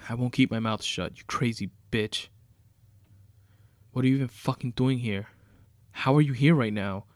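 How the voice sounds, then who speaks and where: A man voicing a panicked, furious man who has been tied up, shouting in desperation. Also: mid-range voice, no room sound, lightly acted. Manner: shouting, frantic.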